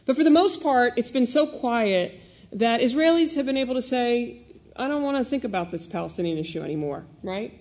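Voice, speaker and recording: A woman reporter speaking on a panel, a little emotional, talking quickly and telling stories with animation. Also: on the high side, expressive, a little mellow. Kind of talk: panel discussion.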